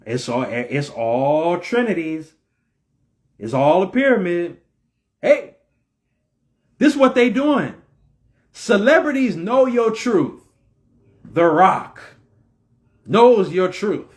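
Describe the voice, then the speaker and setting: A man's voice: high-pitched, very animated, takes it slowly, long pauses. A man hosting his own video, giving a casual spiritual talk full of rhetorical questions in a preachy manner. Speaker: video host.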